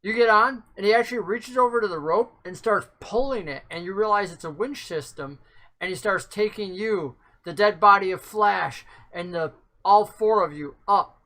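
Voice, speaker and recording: A game master guiding players through a tabletop adventure, describing each place vividly. The voice sits at a middle pitch and has a bright, forward tone. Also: normal speed. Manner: vivid, descriptive scene-setting.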